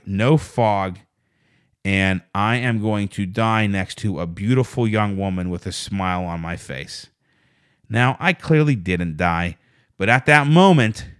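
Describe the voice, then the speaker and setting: Man, podcast host, solo storytelling, rambling, self-mocking, swears a lot, very lively intonation. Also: lowish voice. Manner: rambling, self-deprecating, profane.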